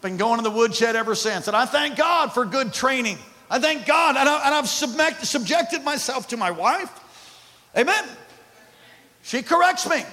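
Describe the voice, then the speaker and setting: A male pastor preaching a sermon, calling out to the congregation and swinging from quiet to loud. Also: extremely high pitch, sing-song, moderate pace. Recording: hall reverb with faint music.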